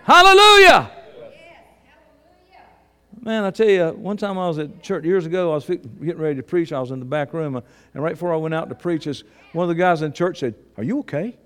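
A man preaches in a church sanctuary, his somewhat high voice carrying a long reverb off the walls. He swings from fervent, shouted declarations down to low, hushed emphasis. The delivery is a full sermon, not a chat. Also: fast talker, clean tone. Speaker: pastor. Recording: long reverb of a large hall.

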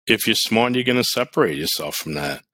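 A middle-aged man co-hosts a casual podcast chat, his fairly low voice moving at a brisk clip. He's an animated storyteller, energetically spinning blunt, profane tales.

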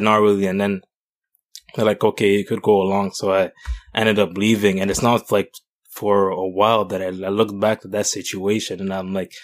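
A young man from Canada co-hosting a podcast discussion, talking in a halting way with many restarts and fillers. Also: fairly low pitch. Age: young adult. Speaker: podcast co-host. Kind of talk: casual discussion.

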